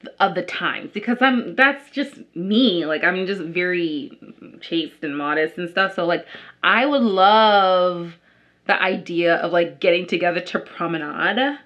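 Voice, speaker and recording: A woman's voice: on the low side, a little slow, fairly bright tone, highs cut off. Chatty young woman rambling over makeup. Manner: chatty, rambling, many likes and restarts. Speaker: beauty vlogger. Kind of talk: casual chat while doing makeup.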